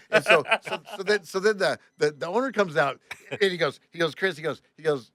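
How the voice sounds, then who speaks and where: A man, a tour bus driver, telling a story on a podcast in a casual, animated and profane way, acting out both sides of a conversation. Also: high-pitched, a little fast, dry recording, studio quality. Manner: animated, profane, reenacts dialogue with "I go, he goes".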